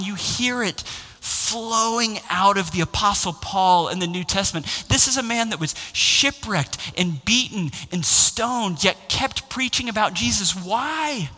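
A man's voice: sits high, bright, forceful tone. A man preaching a sermon as pastor, impassioned and building to raised exclamations. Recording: long hall reverb.

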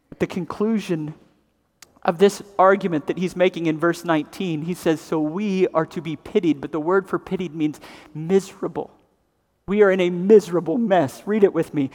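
A man preaching a sermon as pastor, swinging between loud emphatic passages and hushed, grave ones. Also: on the high side. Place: church sanctuary. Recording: long reverb of a large hall.

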